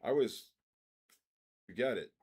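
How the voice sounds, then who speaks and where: An older man hosting a live trading session, telling personal stories and calling market moves with loud excitement. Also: medium pitch, slow pace, husky. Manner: storytelling, then loud excited market calls. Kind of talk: live trading stream chat and storytelling.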